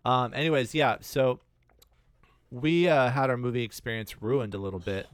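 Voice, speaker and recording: A man's voice: mid-range voice, normal speed, smooth, no echo, clean studio sound. A man co-hosting a podcast, telling stories loosely with lots of fillers and swearing. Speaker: podcast co-host. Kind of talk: casual chat.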